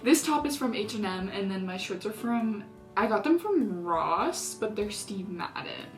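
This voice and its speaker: A woman's voice: medium pitch, animated, measured pace. Young woman, chatty, giggly, rambling get-ready-with-me talk, faint music behind. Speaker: vlogger. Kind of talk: casual get-ready-with-me chat.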